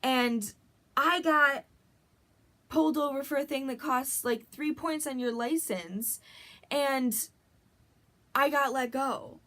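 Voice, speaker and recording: A woman's voice: high-pitched, takes it slowly, pauses often, fairly bright tone. A young adult woman vlogger telling a story in a casual, rambling way, packed with fillers and breathless retellings.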